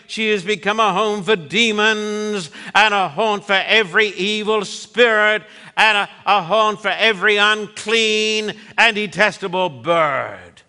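High bright guy preaching slow and emphatic, long hall echo. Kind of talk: sermon.

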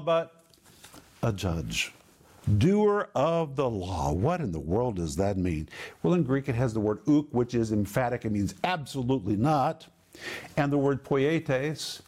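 A man giving a Bible teaching, explaining Greek word meanings and stretching key words slowly for emphasis enfático. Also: on the high side, darkish tone.

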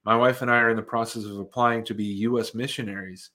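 A man's voice: fairly low pitch, fairly even intonation, fast, bright, forceful tone. A man, a Christian comedian, giving an earnest, reflective personal testimony with frequent fillers and restarts.

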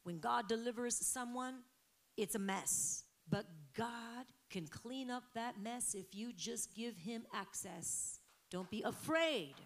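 A woman preaching a sermon with passion, dropping to quiet stretches and then rising to loud, emphatic peaks. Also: fairly high pitch, slow pace.

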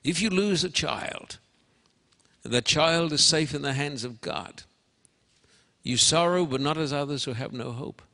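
A man preaching a sermon in a deliberate, dramatic manner, with pauses between phrases. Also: a little high, bright, forceful tone. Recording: long hall reverb.

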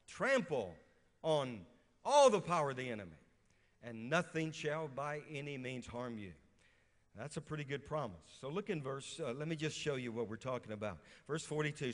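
A middle-aged pastor from Louisiana preaching a sermon and quizzing his congregation as he reads scripture. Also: medium pitch. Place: church sanctuary. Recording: reverberant church hall.

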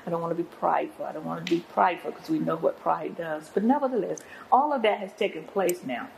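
Older woman, guest pastor; low and gravelly, preacherly storytelling. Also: fast talker, a little hiss or hum, poor audio. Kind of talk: testimony in an interview.

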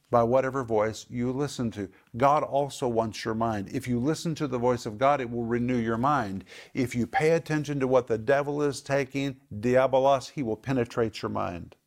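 A man teaching scripture on a broadcast program, his voice sitting at an ordinary middle pitch. He hammers his points home by repeating words and slows right down on the key terms. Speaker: Bible teacher.

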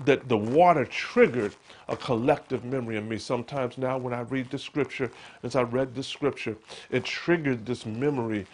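A middle-aged male pastor preaching a sermon, full of stammered restarts, building to emphatic peaks and dropping to a hushed voice for scripture. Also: mid-range voice. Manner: quotes scripture in a hushed, slow whisper.

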